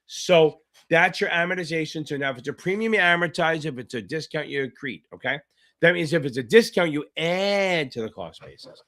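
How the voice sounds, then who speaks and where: A man's voice: fairly high pitch, expressive, a little fast, a bit bright. Casual, joking male exam tutor. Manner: casual, joking, swears freely; reads out viewer names, chatty asides. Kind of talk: live online Q&A lesson.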